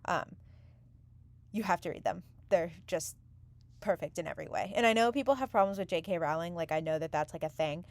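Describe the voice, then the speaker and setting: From a small bedroom with no windows, a book vlogger chats casually to the camera in a lowish, darkish-toned voice. Her speech is full of fillers like "um" and "like."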